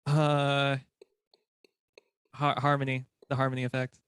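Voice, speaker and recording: Man, from the US, interview guest, mid pitch, hesitant short answers, video call. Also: monotone, unhurried, fairly bright tone, smooth, no echo, clean studio sound. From USA.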